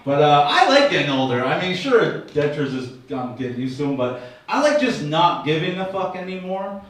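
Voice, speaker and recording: A man in his fifties rambles through crude, self-mocking stand-up, chatting with the crowd at an open mic. His voice sits a little high and carries a slight slur from dentures. The recording comes from a distance in a very echoey small venue. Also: sing-song, normal speed, fairly bright tone. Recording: echoey room, mic far off.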